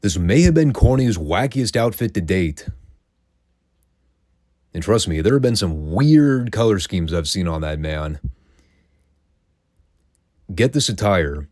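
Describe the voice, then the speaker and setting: A man's voice: low-pitched, lively intonation, slow, pauses often, darkish tone, no room sound, studio quality. A man hosting a casual solo recap show, telling the story in a chatty, wry, opinionated way. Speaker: wrestling recap host.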